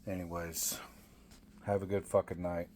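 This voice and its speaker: A man's voice: sits low, level tone, a little slow, darkish tone, slight background noise. A man ranting angrily about politics, swearing constantly and tripping over restarts. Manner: profane, heated, repetitive stammering restarts. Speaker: political commentator. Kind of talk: angry political rant to camera.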